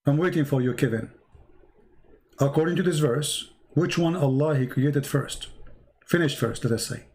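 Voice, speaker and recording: A man hosting a live stream debate, insistently repeating his questions to a caller and reading verses aloud, his voice going hoarse. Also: a little high, moderate pace, a little mellow, poor audio. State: losing his voice.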